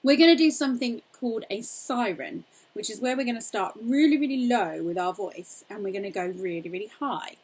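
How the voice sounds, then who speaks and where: A young woman singing teacher leading a cheerful, encouraging warm-up lesson, demonstrating vocal exercises. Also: medium pitch, animated, brisk, few pauses, husky.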